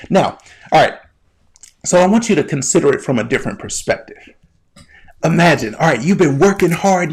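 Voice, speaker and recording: Animated man teaching through a story. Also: a little high, slight background noise. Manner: addresses the listener directly, guided imagery; animated, conversational. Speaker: medical educator and former flight paramedic. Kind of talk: storytelling lesson.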